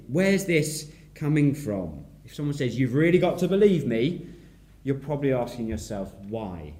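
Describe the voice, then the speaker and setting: A man giving a sermon, thinking aloud and turning questions back on his listeners. His voice is mellow and mid-pitched, never sharp. The room around him is echoey. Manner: conversational, wondering aloud, asks the room questions. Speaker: preacher.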